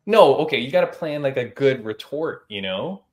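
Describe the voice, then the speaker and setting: A man hosting a podcast, chatting in an animated, teasing, gossipy way. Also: mid-range voice, moderate pace. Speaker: podcast host. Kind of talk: casual chat.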